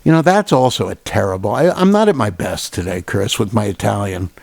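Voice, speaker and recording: A man's voice: fairly low pitch, animated, a little fast, creaky, a little mellow, no room sound. A man hosting a comedy news show, reading headlines and joking with his co-host. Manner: jokey, reads headlines with goofy put-on voices.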